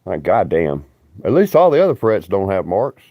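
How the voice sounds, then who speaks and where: A man's voice: sits low, wildly swooping pitch, moderate pace, no room sound, dull audio. A man, rambling bluntly and profanely on a livestream.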